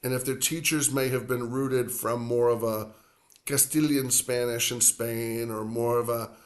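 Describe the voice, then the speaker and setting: A man teaching a casual language lesson. He talks in a chatty way, wanders off on tangents, and slows down when he says words slowly and clearly. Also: medium pitch, steady tone. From United States. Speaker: Spanish teacher.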